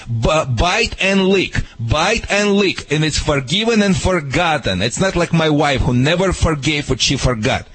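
A man's voice: fairly high pitch, a bit bright, husky, rough recording. A man giving confident, joking dog training advice to a caller on a radio show.

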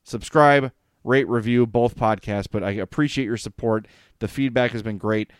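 A man's voice: mid-range voice, moderate pace, clean tone, dry recording, clean studio sound. A man hosting a hockey podcast, chatting enthusiastically and reading sponsor plugs. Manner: enthusiastic, chatty, gets choked up. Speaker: podcast host. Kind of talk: casual sports podcast chat with sponsor reads.

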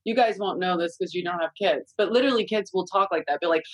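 A woman in her forties, a guest on a casual podcast, talks candidly about raising young kids and swears freely. Her voice is fairly low and fast with few pauses; the recording is low quality, with no echo.

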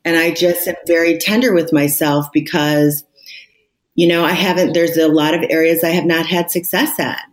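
Low-voiced woman, candid podcast guest. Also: steady tone, normal speed. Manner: candid, reflective, emphatic. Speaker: interview guest. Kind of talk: podcast conversation.

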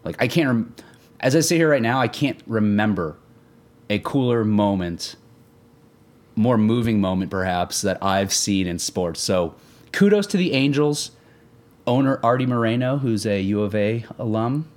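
A young man co-hosting a casual sports podcast, joking and excitable, his voice jumping up high when he gets animated. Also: normal speed. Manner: excitable, jokey, pitch jumps up when animated. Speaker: podcast co-host.

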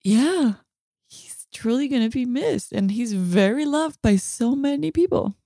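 A woman's voice: a little high, expressive, unhurried, mellow, no room sound, studio quality. A woman in her thirties talking tenderly and near tears in an emotional podcast conversation, dropping in Spanish now and then. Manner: tender, tearful, mixes in Spanish. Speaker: podcast co-host.

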